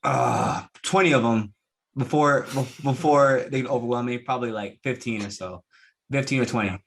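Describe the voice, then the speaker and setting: A man's voice: mid-range voice, expressive, normal speed. A young man with a Jamaican accent, guesting on a podcast and talking in a loose, laid-back way full of slang and fillers. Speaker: guest, professional fighter. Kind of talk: casual podcast interview.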